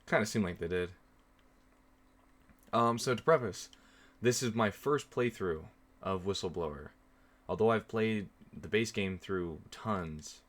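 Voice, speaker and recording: A man's voice: fairly low pitch, unhurried, long pauses, fairly bright tone. A young man streaming a horror game, chatting casually with viewers in a rambling way full of ums. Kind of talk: casual live-stream commentary.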